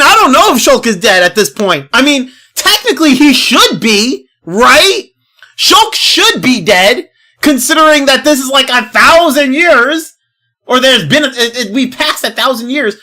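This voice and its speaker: A man's voice: extremely high pitch, very animated, a little slow, pushed and bright. A man streaming a video game live, talking casually, laughing often and swearing as he rambles over the play. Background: game music.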